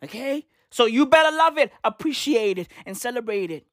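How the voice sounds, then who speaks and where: A woman rants for laughs in a fairly high voice that swoops all over the place, stacking slang on swearing with emphatic insistence. The sound is dry and close, with no room around it. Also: animated, moderate pace, no room sound. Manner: slang-heavy, profane, emphatic. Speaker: comedic ranter. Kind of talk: comedic vlog rant.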